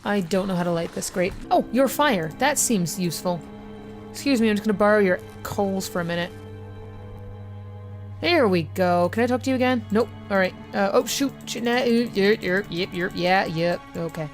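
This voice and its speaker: A woman's voice: mid-range voice, moderate pace, faint music behind. A woman playing through a horror game, reading its text aloud and reacting casually, often swearing or saying she is grossed out. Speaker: gaming video host.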